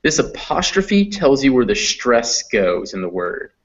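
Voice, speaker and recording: A man's voice: medium pitch, sing-song, unhurried. A man teaching English pronunciation to a class, patiently explaining step by step. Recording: dull lo-fi audio.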